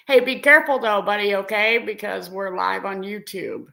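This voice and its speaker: A woman's voice: mid-range voice, expressive, moderate pace, creaky, pushed and bright. A middle-aged woman hosting a casual live stream and talking directly to her viewers in a chatty way. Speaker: live-stream host and reseller.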